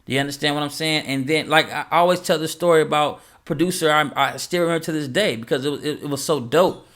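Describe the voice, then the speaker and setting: A man's voice: a little high, quick pace. A man, a music producer who coaches other producers, talking casually and with energy and acting out quoted advice. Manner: animated, acts out quoted dialogue, repeats phrases. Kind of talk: casual motivational talk to camera.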